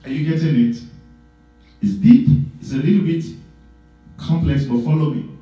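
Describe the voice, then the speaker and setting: A man preaching a sermon as pastor, emphatic and repetitive, swinging between loud stresses and low asides. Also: animated, normal speed, gravelly, faint music behind. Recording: echoey church hall, mic at a distance.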